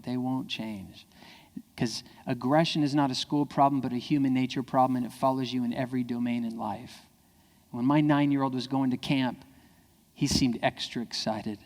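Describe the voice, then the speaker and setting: A man giving an animated, playful keynote talk, acting out family dialogue in other voices. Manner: playful, jumps into high voices when quoting kids. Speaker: keynote speaker. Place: civic center hall. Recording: long reverb of a large hall.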